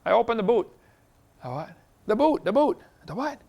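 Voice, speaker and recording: An excitable English bricklayer, put on by an American lecturer who keeps repeating himself with exasperation. The voice jumps high and gets loud, with a gravelly edge. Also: male voice, fast, highs cut off, heavily acted. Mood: insistent.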